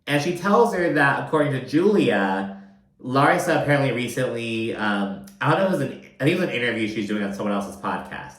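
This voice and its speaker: Young man, casual recap commentary, rambling and filler-heavy, mid-pitched voice, roomy echo. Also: fairly bright tone. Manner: chatty, rambling, lots of fillers, campy mock voices.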